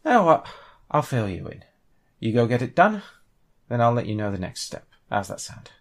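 A man's voice: mid-range voice, big pitch swings, moderate pace. A man voicing a manic, vicious male dwarf gang boss who cackles and gloats. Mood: scheming.

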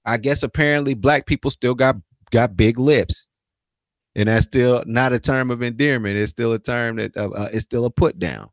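A man's voice: mid-range voice, moderate pace, no echo. A man co-hosting a casual sports talk podcast, speaking loosely in slang with frequent restarts. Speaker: podcast co-host.

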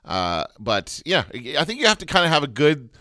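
A man's voice: fairly high pitch, wildly swooping pitch, fairly quick, pushed and bright, no echo, studio quality. A man co-hosting a podcast, talking in a rambling casual way with many restarts and fillers. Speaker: podcast co-host. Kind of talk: casual chat.

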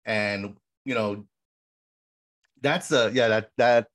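A man co-hosting a podcast, casually retelling film scenes with lively quoted lines and frequent "bro". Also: on the low side, slow, no echo, clean studio sound. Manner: animated storyteller, says "bro" often. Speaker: podcast co-host.

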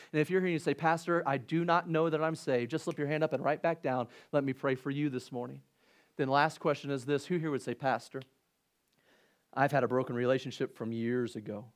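In a church auditorium, a male pastor preaches a sermon and altar call, climbing to loud, high peaks before softening into a gentle invitation.

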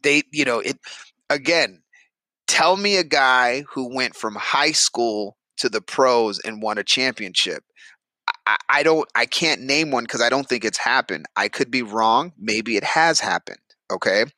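A man's voice: mid-range voice, measured pace, dry recording, studio quality. A middle-aged man, a podcast co-host telling stories in casual banter, swearing freely and acting out the lines he quotes. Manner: animated storyteller, swears freely, acts out quotes.

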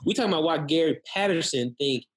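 A man's voice: a little high, expressive, fast talker. A man in a casual podcast chat, blunt and opinionated.

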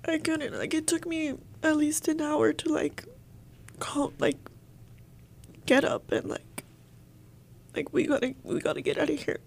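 A young woman telling a painful personal story in an interview, halting and emotional, with many fillers and restarts. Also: high voice, steady tone, gravelly, a little mellow.

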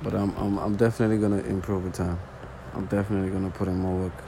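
This podcast host, in his early twenties with a non-native English accent, races through an unscripted monologue while sitting on the floor. His low, creaky voice barely moves in pitch, and he swears often and repeats false starts over a noisy background.

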